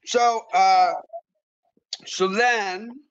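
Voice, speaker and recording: A man telling a story in casual chat, animated and profane, with frequent repeated words and restarts. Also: high-pitched, very slow, clean tone, highs cut off. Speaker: guest pool player.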